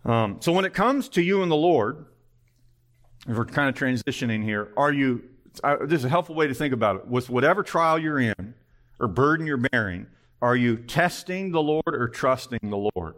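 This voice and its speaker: A man's voice: mid-range voice, animated, moderate pace, a bit bright. A male pastor preaching an earnest sermon, full of pointed rhetorical questions.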